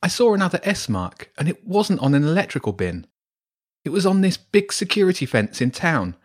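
A man's voice: big pitch swings, normal speed. A man voicing an eager, chatty schoolboy in a slightly raised voice for a bedtime story. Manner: eager, higher voice.

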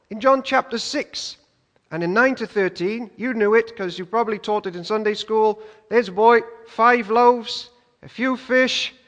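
A man preaches a sermon, high-voiced and animated. He jokes and slips into playful voices as he retells stories. His voice rings through a church hall with a long echo. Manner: lively, joking, acts out voices in retelling.

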